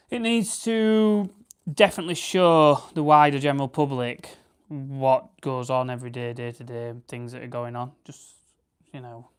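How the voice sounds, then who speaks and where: A mid-range, clean-toned male voice belongs to a farming channel host from Barnsley, England. Speaking with a Yorkshire accent, he preps game birds on a casual livestream, answering viewers in a rambling way and correcting himself.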